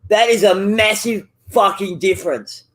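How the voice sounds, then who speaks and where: A man's voice: high-pitched, unhurried, a bit bright. A man in casual banter with a friend over voice chat, rambling and teasing, swearing constantly. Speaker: gamer chatting with a friend.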